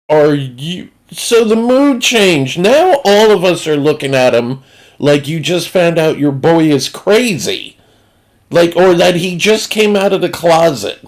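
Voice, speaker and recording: A gravelly, fairly high-pitched male voice with a Northeastern US accent spins a crude, rambling joke of a story, often breaking off mid-thought. It's laid-back comedic storytelling.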